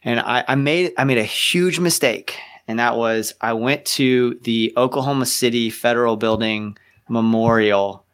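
A man's voice: medium pitch, a little slow, fairly bright tone, smooth. A middle-aged man from the American South, chatting casually as a podcast guest, rambling and self-deprecating. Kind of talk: casual chat.

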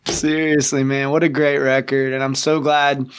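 A man's voice: medium pitch, flat delivery, moderate pace, a little hiss or hum. Chatty Southern man, rambling. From American South. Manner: chatty, rambling, self-deprecating. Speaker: podcast guest. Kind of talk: casual chat.

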